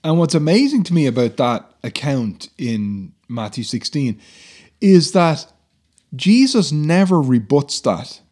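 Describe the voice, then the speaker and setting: A man's voice: on the high side, big pitch swings, unhurried, a little mellow. A man co-hosting a Bible discussion, explaining passages in an earnest, teacherly way with frequent fillers.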